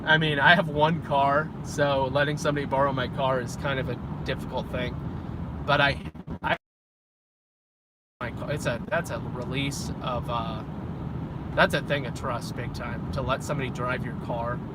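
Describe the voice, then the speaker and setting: Loud road noise fills this clip of a young Christian vlogger talking in a vehicle. His medium-pitched voice barely moves in pitch and keeps a moderate pace as he wanders through a self-interrupting, casual monologue.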